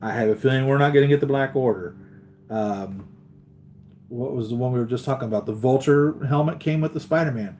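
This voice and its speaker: A man's voice: mid-range voice, fairly quick, darkish tone, slight background noise. A man hosting a live collectibles stream, chatting casually with viewers, tired after a sleepless night and rambling with many restarts.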